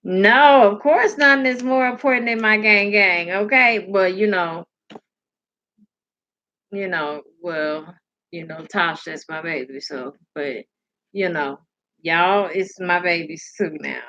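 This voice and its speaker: A woman's voice: fairly low pitch, slow pace, sharp tone, lo-fi sound. A sleepy woman hosting a casual live stream, rambling, laughing and answering comments from her chat.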